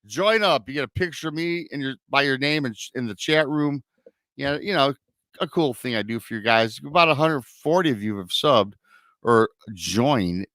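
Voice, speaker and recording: A man's voice: mid-range voice, fairly bright tone, no room sound. Upbeat man hosting a live show. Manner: upbeat promotional patter, casual grammar. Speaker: podcast host. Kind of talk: live show intro and announcements.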